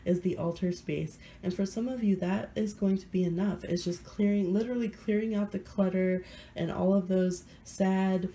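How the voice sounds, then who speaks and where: A woman's voice: medium pitch, steady tone, normal speed, mellow, a little hiss or hum, poor audio. A woman giving a casual pick-a-card tarot reading while a little sick, chatty and playful, laughing often between points. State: under the weather, sick voice.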